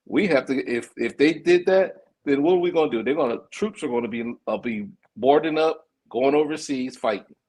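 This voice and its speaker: An older man co-hosting a casual podcast, animated, laughing and acting out quotes. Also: medium pitch, moderate pace, few pauses, breathy edge.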